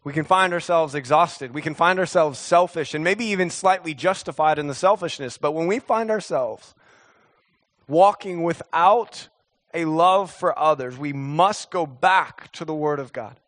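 Man, thirties, pastor preaching; earnest, repetitive emphasis, a touch high-pitched. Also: a bit bright. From United States. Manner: earnest, building to emphatic repetitions, with drawn-out pauses. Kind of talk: sermon.

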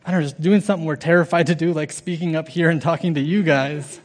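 A young man giving an informal, earnest sermon, halting with restarts and fillers. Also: a little high, fairly even intonation.

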